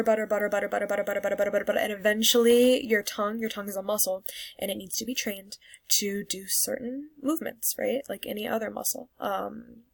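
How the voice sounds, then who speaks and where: A young woman teaching Spanish, sounding out words slowly for learners and then explaining casually. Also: fairly high pitch, creaky, no room sound. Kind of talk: classroom lesson recorded for students.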